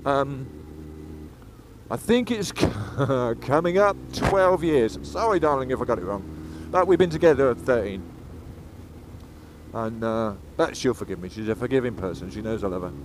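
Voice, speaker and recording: A man's voice: medium pitch, expressive, normal speed. A man from England rambling chattily as he rides a motorcycle, swearing freely and drifting between topics. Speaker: motorcycle vlogger. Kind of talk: casual riding commentary. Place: outdoors on a moving motorcycle on the road. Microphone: helmet-mounted action camera. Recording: faint road and engine noise.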